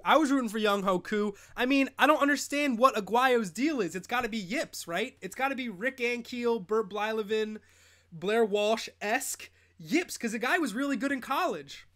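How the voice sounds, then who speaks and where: A young man with a noticeably high-pitched voice hosts a live fantasy football stream. He talks in a loose, rambling way, cracking jokes and laughing often. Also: expressive, moderate pace, fairly bright tone. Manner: rambling, joking, sings snippets, laughs often. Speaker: host. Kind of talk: casual live-stream chat.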